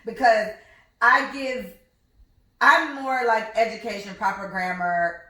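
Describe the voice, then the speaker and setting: A woman's voice: fairly high pitch, takes it slowly, bright, forceful tone, distant mic. Chatty, blunt young woman podcaster. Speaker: podcast host. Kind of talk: casual chat. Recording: echoey room, voice off-mic.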